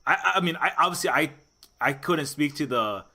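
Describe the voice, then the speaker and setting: A man's voice: a little high, animated, moderate pace, pushed and bright, slightly rough. A man hosting a podcast interview, rambling with many restarts and fillers. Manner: rambling, lots of "you know" and restarts. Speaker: podcast host. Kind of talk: casual interview chat.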